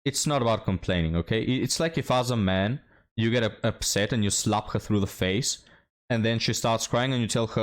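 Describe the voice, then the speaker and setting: A man with a fairly low voice gives a reaction commentary. He speaks bluntly and mocks freely, with plenty of swearing. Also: fairly quick. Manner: blunt, mocking, profane. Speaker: commentary host.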